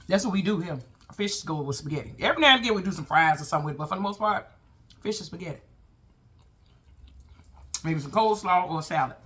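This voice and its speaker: A man with a fairly high voice talks casually to his viewers between bites. He chats and tells stories while he eats. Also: animated, fast, pauses often, fairly bright tone. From Chicago. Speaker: mukbang vlogger. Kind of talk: casual mukbang chat.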